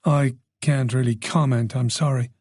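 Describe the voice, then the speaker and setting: A man's voice: medium pitch, steady tone, moderate pace, darkish tone, no echo, lightly acted. A man voicing a reserved, polite middle-aged detective with dry, guarded replies in an audiobook.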